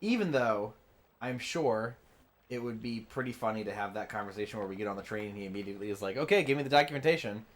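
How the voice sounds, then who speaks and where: A man's voice: fairly low pitch, quick pace. A man chatting casually and playfully while streaming a game, laughing often. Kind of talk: casual let's-play chat.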